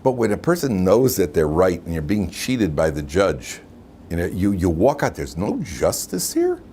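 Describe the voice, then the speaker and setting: A man, a rabbi, teaching an informal Torah class in a lively way, often asking his students questions. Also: sits low, moderate pace, slight background noise. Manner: lively, asks the class questions, frequent "right?".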